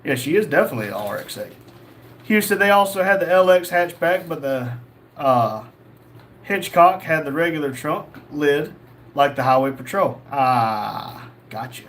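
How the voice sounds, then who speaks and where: Young male streamer, higher pitch, reads chat casually, faint room noise. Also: animated, normal speed, a bit bright. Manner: reads chat messages aloud, jokey. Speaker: livestream host reading chat.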